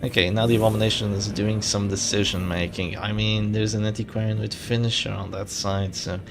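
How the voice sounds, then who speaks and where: A man's voice: lowish voice, level tone, brisk, vocal fry. A man casting a game tournament live in casual play-by-play, bantering with and answering his live chat. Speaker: tournament caster. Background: game music.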